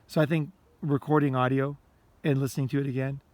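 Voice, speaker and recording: A man hosts a self-help podcast while walking outdoors, his mid-range, darkish voice fast and fairly flat in pitch, with no echo. The monologue is loose and rambling, full of swearing, repetition, and acted-out inner rants.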